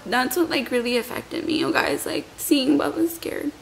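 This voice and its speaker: A woman's voice: high-pitched, big pitch swings, moderate pace, creaky, rough recording. Shaken young mother vlogging, faint hiss. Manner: shaken, rambling, repeats words. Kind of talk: emotional storytime vlog.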